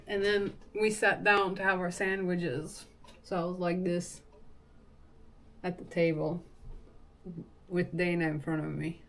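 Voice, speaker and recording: A woman's voice: lowish voice, flat delivery, measured pace, long pauses. A young woman chatting casually on a live stream, telling a story with lots of fillers and laughter.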